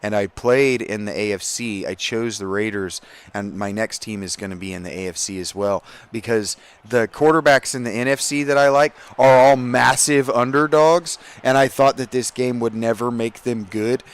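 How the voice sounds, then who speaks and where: A man giving casual, profane commentary over a football video game, swinging from low muttering to loud excited outbursts. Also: normal speed, clean tone. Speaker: gaming streamer.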